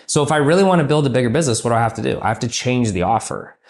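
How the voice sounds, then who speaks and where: A man's voice: mid-range voice, animated, rapid-fire. A man coaching a business owner in a blunt, profane, ranting way.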